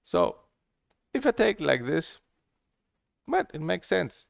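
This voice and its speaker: A man's voice: sits high, huge pitch swings, slow, vocal fry, no echo, clean studio sound. A man vlogging about a table tennis game in a heated, blunt and profane monologue, often repeating himself and restarting phrases. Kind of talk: casual ranting monologue.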